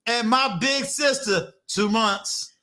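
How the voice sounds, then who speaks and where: An older man hosting a live-streamed talk show, emphatic, booming out introductions and shout-outs. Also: slow, crowd noise. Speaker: host.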